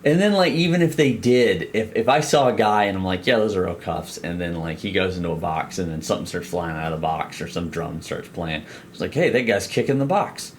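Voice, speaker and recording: A man co-hosting a podcast in casual chat, profane and animated, slipping into voices when he quotes people. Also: low-pitched, a little fast, a little hiss or hum. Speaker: podcast co-host.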